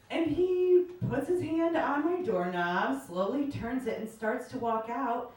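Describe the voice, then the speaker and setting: A woman's voice: high-pitched, a little slow, a little mellow, heavy reverb, recorded from a distance. A woman from the American Midwest performing a chatty, self-deprecating stand-up comedy set in a comedy club, often laughing at her own lines. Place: comedy club stage with audience.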